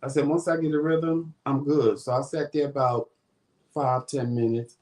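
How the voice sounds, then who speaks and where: A man's voice: mid-range voice, flat delivery, moderate pace, darkish tone. A man hosting a vlog, casually retelling a story and acting out the quoted dialogue. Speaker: vlog host.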